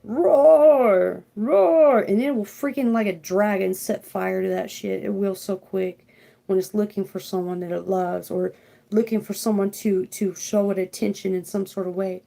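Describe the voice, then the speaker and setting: A young woman doing a live tarot card reading, talking in a rambling, excitable way, often throwing in "freaking" and checking in with "okay?". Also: mid-range voice, moderate pace, creaky. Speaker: tarot reader.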